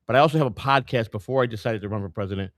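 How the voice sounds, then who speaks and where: A middle-aged man from Chicago speaks in a somewhat low voice, telling his own story in a casual monologue. He is blunt and plain-spoken and often repeats words as he goes. The sound is dry and close, with no room echo. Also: rapid-fire. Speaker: presidential candidate and podcaster.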